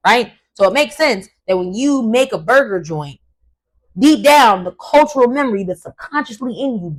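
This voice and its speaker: A woman hosting a casual commentary vlog, ranting in an emphatic, profane and animated way. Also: medium pitch, rough recording. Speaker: host.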